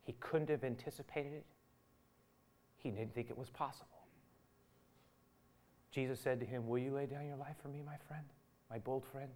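A male pastor preaching a sermon, acting out the dialogue he quotes and rising from quiet to loud. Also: mid-range voice, steady tone, moderate pace, long pauses.

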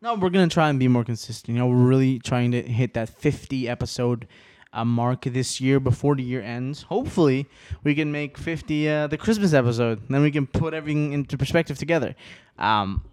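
A man hosting his podcast alone in a small home studio, talking casually and rambling, cursing often, swinging between subdued and excited. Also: medium pitch, a little fast, clean tone. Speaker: podcast host. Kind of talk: casual solo podcast chat.

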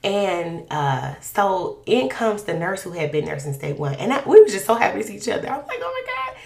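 Woman, personal testimony, chatty and animated, gravelly edge, echoey room. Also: medium pitch, a little fast. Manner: conversational, animated, colloquial. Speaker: podcast guest sharing a testimony. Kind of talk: personal faith testimony storytelling.

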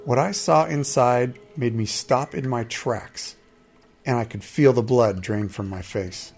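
A man narrating a first-person fantasy story in a steady, measured storytelling manner. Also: medium pitch, vocal fry, faint music behind.

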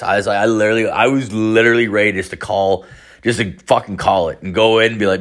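A man's voice: lowish voice, brisk, fairly bright tone. A man in his late thirties telling a rambling, profanity-heavy story about drunk calls and hangovers. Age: 30s. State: hungover. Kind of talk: casual storytelling monologue.

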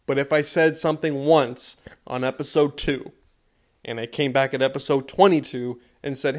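A man's voice: mid-range voice, fairly even intonation, normal speed. Fired-up profane man ranting. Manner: profane, repeating a refrain, emphatic. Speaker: podcast host. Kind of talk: fired-up podcast rant.

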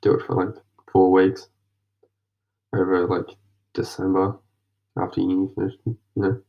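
Young Aussie guy, very low and flat, journaling aloud, rambly and slangy. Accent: Australian. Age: young adult. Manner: rambling, slangy, drifts into whispers. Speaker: vlogger journaling. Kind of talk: casual late-night monologue. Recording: dull lo-fi mic.

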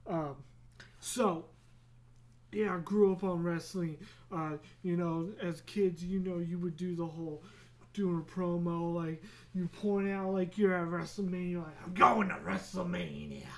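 Male solo podcaster, unhurried delivery, chatty and sidetracked, casual swearing. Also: high-pitched, fairly even intonation, darkish tone. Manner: rambling, easily sidetracked, laughs at himself. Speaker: podcast host.

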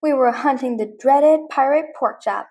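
A woman's voice: high voice, moderate pace, a little mellow, natural voice. A woman voicing a heroic male space ranger toy in a storybook reading.

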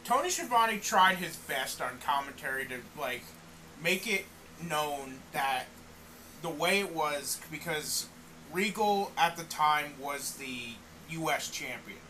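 A man's voice: a little high, expressive, slow pace, pushed and bright, a little hiss or hum, rough recording. A man co-hosting a podcast in casual chat, thinking aloud and repeating words as he restarts sentences. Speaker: podcast co-host. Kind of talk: casual chat reviewing wrestling.

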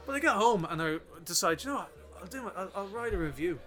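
A man's voice: sits high, expressive, fast, sharp tone. A young man telling a story in casual chat, profane and laughing as he goes.

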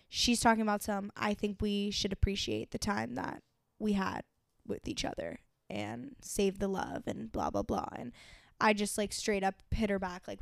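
A woman in her twenties co-hosts a casual podcast, sharing a personal story candidly and emotionally, full of fillers and swearing. Her medium-pitched voice has vocal fry, and the clean studio sound carries no room tone.

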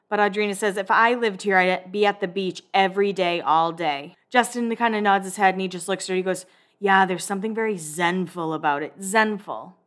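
A woman's voice: medium pitch, a bit bright. A woman talking through a show recap in a loose, casual way. She slips into the characters' lines as she retells each scene, with a sarcastic, blunt edge and the odd swear word. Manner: chatty and sarcastic, acts out quotes, swears. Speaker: recap podcast host.

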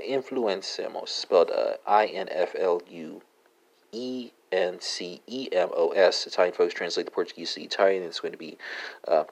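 Man, very low voice, language lesson host, halting delivery, spells words letter by letter.

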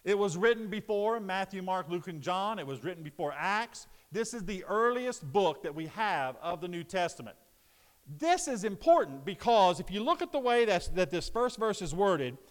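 A male pastor delivers a sermon, steady and explanatory at first, then loud and emphatic. His voice sits high and rings smooth and resonant. The sound carries the long reverb of a church sanctuary. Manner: builds from calm teaching to loud emphatic preaching.

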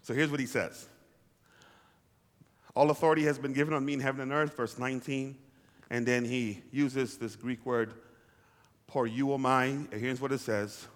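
A man's voice: medium pitch, steady tone, moderate pace, in a large hall. A pastor preaching a sermon to his congregation, calling for responses and repeating lines for emphasis. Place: church hall.

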